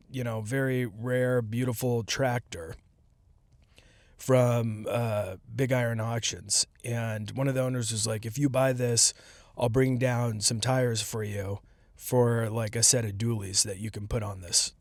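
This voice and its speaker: A man's voice: mid-range voice, no echo. Rambling man with a dry close sound. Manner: rambling, jokey, trails off and restarts. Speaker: podcast host. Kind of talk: casual solo commentary.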